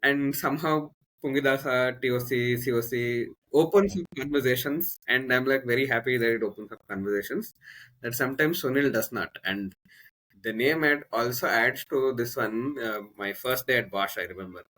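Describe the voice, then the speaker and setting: A man with an Indian English accent tells a personal story on a podcast. His voice is bright and forward in tone. He rambles and backtracks, with plenty of fillers and restarts. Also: mid-range voice, moderate pace. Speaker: podcast guest, coach. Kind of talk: casual conversational storytelling.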